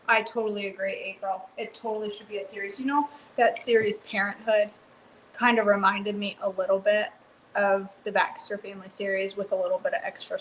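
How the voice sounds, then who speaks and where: A woman hosting a live cooking stream from her home kitchen, chatting excitedly and answering viewers by name. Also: mid-range voice, a little hiss or hum, poor audio. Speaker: cooking livestream host. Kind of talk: casual live cooking chat, reading comments.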